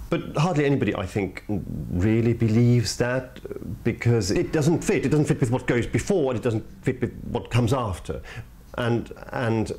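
A man hosting a podcast, giving earnest, emphatic commentary in measured phrases and repeating points for emphasis. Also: a little mellow. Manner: earnest, emphatic, with sudden rises in pitch on key words. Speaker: podcast host. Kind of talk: reflective spoken commentary on poetry.

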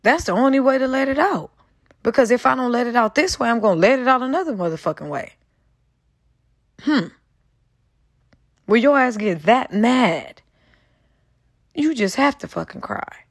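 A woman's voice: on the high side, lively intonation, moderate pace, pauses often, no room sound, studio quality. Fired-up woman ranting to her viewers. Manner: angry, profane, talks straight to viewers. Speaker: commentary channel host. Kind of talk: heated casual commentary.

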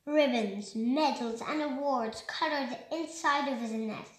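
Slow careful young reader in a roomy space. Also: female voice, high-pitched. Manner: slow careful reading with small restarts. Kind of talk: reading a picture book aloud.

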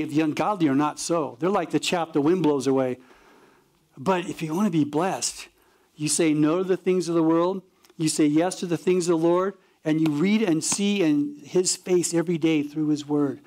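A man pastor delivering a sermon, telling stories with acted-out dialogue and punchy emphasis. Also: sits high. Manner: animated storytelling, acts out dialogue.

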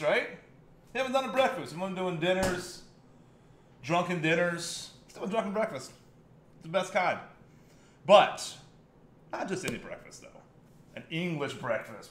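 A man's voice: fairly high pitch, animated, moderate pace, a bit bright, echoey room. An American man hosting a casual cooking live stream from his home kitchen, rambling, joking and swearing as he cooks. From United States.

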